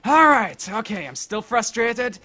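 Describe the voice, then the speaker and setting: Bright, high-voiced young man swearing at a game. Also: big pitch swings, a little slow. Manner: frustrated, swears constantly, talks to himself. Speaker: let's play host. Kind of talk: let's play commentary. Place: at home at his computer.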